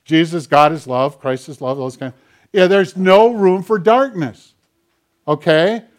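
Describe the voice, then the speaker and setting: A man's voice: a little high, unhurried. A man, a pastor, preaching a conversational sermon and acting out quoted dialogue as he goes. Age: older.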